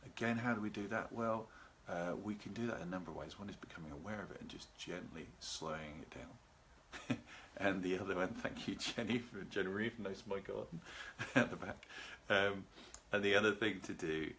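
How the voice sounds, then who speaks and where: Man, very deep voice, calm unhurried live talk, faint noise behind. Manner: calm, unhurried, greets live viewers by name. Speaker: seminar host. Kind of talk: live video talk on relaxation. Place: at home with a garden behind.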